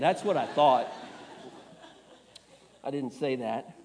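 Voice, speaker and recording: Middle-aged pastor with a warm, mellow voice. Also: male voice, medium pitch, animated, slow pace, long pauses, slight background noise. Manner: earnest storytelling with self-deprecating humor. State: tearful, choked up. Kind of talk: sermon.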